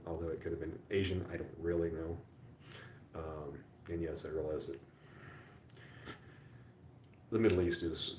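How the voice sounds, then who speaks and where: Tired, rambling low-voiced man. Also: a little mellow, echoey room, a little hiss or hum. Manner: meandering, self-deprecating, lots of fillers. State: tired and sore. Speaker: livestream host. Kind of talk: casual rambling live chat. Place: hotel room.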